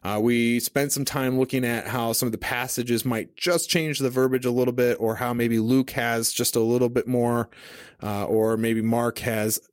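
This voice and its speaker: A man hosting a casual teaching podcast, talking in a relaxed, conversational way with many fillers, at a studio mic on a stand. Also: medium pitch, moderate pace, no room sound. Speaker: podcast host. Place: home studio at a desk.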